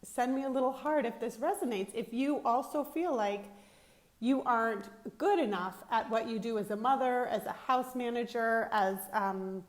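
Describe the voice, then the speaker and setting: Frank, swearing coach woman, higher voice. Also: moderate pace. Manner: candid, frank, swears casually; emphatic, repeats phrases in lists. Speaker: life coach for mothers. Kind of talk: live video talk to viewers.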